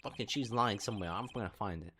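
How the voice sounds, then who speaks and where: A man commenting on a video game playthrough with loud, profane outbursts and jokes. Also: fairly low pitch, quick pace, slight background noise. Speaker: gaming commentator. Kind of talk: crude joking playthrough commentary.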